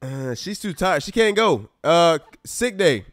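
A man's voice: a little high, measured pace, no echo, studio quality. A man doing casual let's-play commentary on a life-simulation game, exasperated and talking straight to his viewers. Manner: animated, exasperated, talks to viewers as y'all. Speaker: gaming YouTuber.

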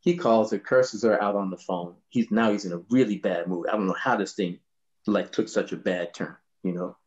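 Man, 60s, bassist raconteur, low voice, relaxed storyteller, muffled recording. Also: moderate pace. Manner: relaxed, laughing, lots of "you know". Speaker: bass player telling stories. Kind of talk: anecdotal storytelling in a panel.

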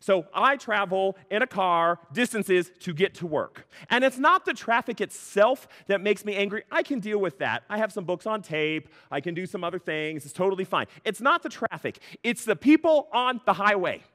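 A man delivers a sermon from the pulpit, telling stories with laughter and mock outrage. His voice sits high and leaps up and down as he goes. A long church reverb trails behind every phrase. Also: expressive, normal speed, few pauses, fairly bright tone. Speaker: pastor.

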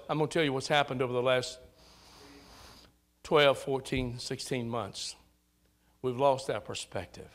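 A man preaching a sermon in a church with a Southern American accent, rousing and calling out to the congregation. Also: mid-range voice. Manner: rousing preacher, rising to shouts on key lines. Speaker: pastor. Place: church sanctuary.

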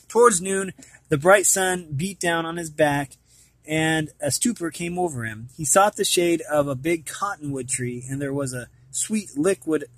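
A man's voice: on the high side, a bit bright, dry recording. A man reading a storybook aloud who often stumbles and corrects himself mid-sentence. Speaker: storybook reader.

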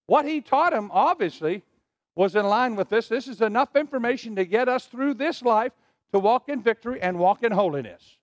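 A middle-aged man preaching in a church, his voice riding high and swinging widely in pitch. He leads the congregation to repeat phrases back to him. The sound is close and dry. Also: expressive, moderate pace, dry recording. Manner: preaching with call-and-response to the congregation. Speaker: pastor. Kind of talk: sermon. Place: church sanctuary.

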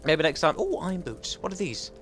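A young man giving let's play commentary, self-mocking with sudden excited outbursts. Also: on the high side, a little fast. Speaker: gaming channel host. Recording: faint game music behind.

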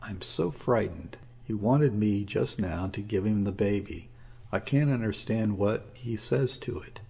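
A man's voice: lowish voice, a little slow, gravelly, darkish tone, husky, heavily acted. A man reading the lines of a frightened, timid young village mother who stammers meekly. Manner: stammering, meek.

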